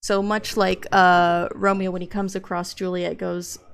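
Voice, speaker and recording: A woman's voice: fairly low pitch, level tone, a little slow, gravelly, clear, resonant tone. A young woman giving a casual academic presentation, reading book passages aloud. She hesitates often with ums and uhs, and turns blunt and profane when she gets worked up. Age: young adult. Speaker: graduate student presenter.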